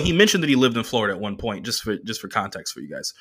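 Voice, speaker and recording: Animated, profane man in his thirties. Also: fairly low pitch, rapid-fire, few pauses, slightly rough. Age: 30s. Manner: profane, animated, laughing asides. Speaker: podcast host. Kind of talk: solo comedic storytelling.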